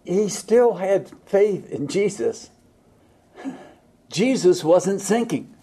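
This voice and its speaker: A man preaching a sermon in a folksy, halting way, with frequent fillers and restarts. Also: high voice, big pitch swings, warm tone, slightly rough. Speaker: pastor.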